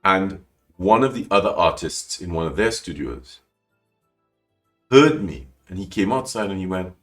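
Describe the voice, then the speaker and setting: A man telling an emotional personal story as a podcast guest, animated and rambling, with frequent restarts. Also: measured pace, faint music behind. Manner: animated, acts out quoted lines with big pitch jumps. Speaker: guest calligrapher.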